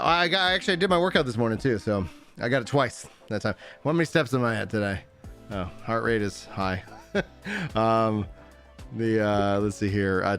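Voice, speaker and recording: A man's voice: medium pitch, fairly bright tone. A man in his thirties hosting a livestream, talking casually, rambling with lots of fillers and frequent laughs. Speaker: livestream host. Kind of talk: casual chat.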